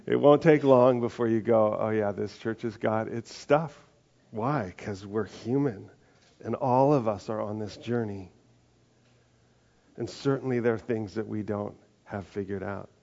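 A male pastor delivers a sermon in a conversational, unhurried way, leaning into key phrases and tossing in lively asides. His voice sits fairly low with a gravelly edge. The recording sounds slightly muffled. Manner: conversational preaching, slows for emphasis, lively asides. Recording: muffled live sermon audio.

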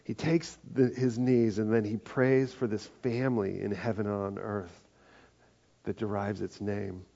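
Male pastor, sermon, gravelly voice, fairly low pitch, conversational preaching, muffled recording. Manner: conversational preaching, slows for emphasis, lively asides. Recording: muffled live sermon audio.

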